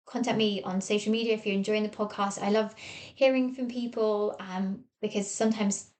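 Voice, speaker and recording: English woman, therapist podcast host, coaching tone, small office, mid pitch. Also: steady tone, moderate pace. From England. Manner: warm coaching tone, acts out quoted voices. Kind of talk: solo podcast talk.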